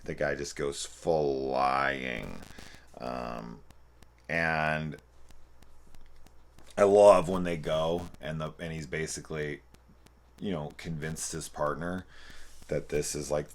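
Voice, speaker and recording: A man with an extremely low, deep voice talks through a film review in a loose, rambling way. He swears freely, laughs at the scenes he recounts and keeps restarting his sentences. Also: steady tone, slow, long pauses. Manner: rambling, profane and amused, with loose restarts and playful quoting. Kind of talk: casual spoken movie review.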